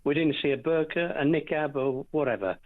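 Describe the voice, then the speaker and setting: A man's voice: a little high, fairly quick. A man calling in to a radio show, blunt and matter-of-fact. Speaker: caller. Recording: tinny phone line.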